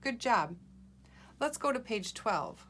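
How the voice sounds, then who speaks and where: A woman's voice: a little high, lively intonation, slow, a bit bright, a little hiss or hum. A woman teacher leading a guided reading lesson for young children, patient and encouraging, sounding out letters and words.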